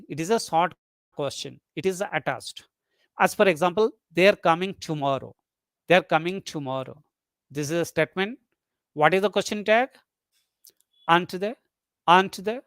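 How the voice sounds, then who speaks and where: A lecturer talking through an online webinar lesson in an even, mid-pitched voice. The delivery is explanatory, with example sentences repeated slowly to show how the voice rises and falls. The sound is close and dry, with no room echo.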